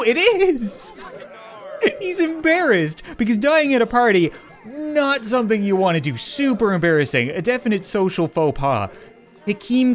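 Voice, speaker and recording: A young man giving comedic, excitable commentary on a life-sim game, often laughing and exclaiming. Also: extremely high pitch. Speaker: gaming YouTuber.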